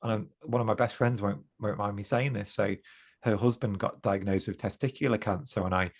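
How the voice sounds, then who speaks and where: A man's voice: lowish voice, steady tone, fairly quick. A man, a podcast guest speaking earnestly and reflectively, often restarting his sentences in casual conversation. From East Midlands, England. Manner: earnest and reflective, with frequent restarts and self-corrections.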